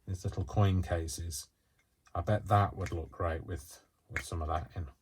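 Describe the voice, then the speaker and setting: A man hosting a casual craft demonstration from a home craft space, talking in a rambling, excitable way with lots of fillers. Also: low-pitched, unhurried, slight background noise. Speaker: craft channel host.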